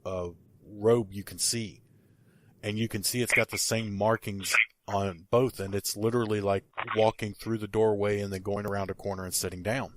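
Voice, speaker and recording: A man with a lowish voice tells a story in loose, casual podcast talk. He rambles and restarts often, piling on fillers as he goes. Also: level tone, moderate pace, slight background noise. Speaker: paranormal investigator guest.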